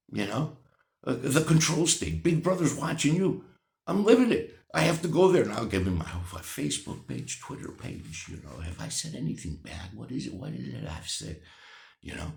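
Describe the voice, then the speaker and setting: Guy ranting at his commenters, sarcastic, keeps laughing, gravelly voice, echoey room. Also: on the high side, lively intonation, moderate pace, darkish tone. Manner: sarcastic, laughs at his own points, many restarts. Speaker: vlogger answering viewer comments.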